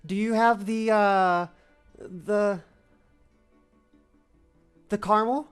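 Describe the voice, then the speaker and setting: A woman streamer in her twenties talks casually over a game, rambling, circling back and repeating herself for fun. Her voice sits at an average pitch, with faint game music underneath. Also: unhurried, long pauses. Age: 20s. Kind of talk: casual let's-play chat.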